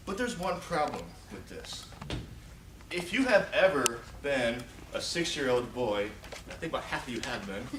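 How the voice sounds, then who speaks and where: A man in his forties giving a humorous storytelling speech at a contest, acting out the scenes as he goes. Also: mid-range voice. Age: 40s. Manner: animated, acts out scenes and shouted pleas. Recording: echoey hall, distant mic, noisy.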